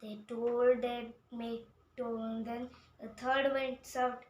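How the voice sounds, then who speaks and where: A woman retells a picture book in a high voice, stopping and repeating herself. The recording has an echoey room sound and a faint hum. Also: little pitch movement, darkish tone. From India. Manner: halting, repeating words. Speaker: storyteller.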